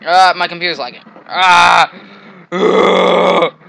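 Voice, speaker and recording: A man's high, bright voice with a gravelly edge, taking his time between words. He comments on his own gameplay with excitable shouts and playful taunts at the enemies. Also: takes it slowly, low-quality recording. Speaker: gamer. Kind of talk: let's play commentary.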